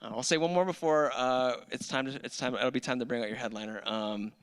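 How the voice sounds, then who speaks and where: A man's voice: medium pitch, steady tone, brisk, clear, resonant tone. A man in his thirties doing a stand-up set on a club stage, telling dry, self-mocking stories into a handheld mic. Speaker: stand-up comedian.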